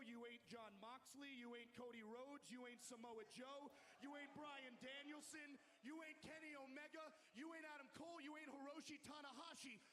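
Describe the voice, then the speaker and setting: A man cutting a taunting, boastful wrestling promo, shouting at times, in a large arena. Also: very high-pitched, a little hiss or hum. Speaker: pro wrestler. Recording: long arena reverb.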